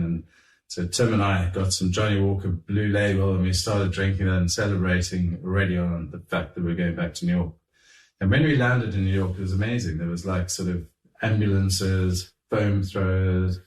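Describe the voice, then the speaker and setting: A middle-aged man telling anecdotes in an animated, chuckling way, acting out what others said. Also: deep voice, a little hiss or hum. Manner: animated, chuckling raconteur who acts out quotes. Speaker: guest telling stories. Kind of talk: anecdotal storytelling. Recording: roomy, distant mic.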